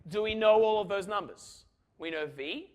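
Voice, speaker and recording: A man's voice: high-pitched, moderate pace. A man giving a university physics lecture, chatty and joking, checking in with "right?" as he works through equations. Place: lecture hall.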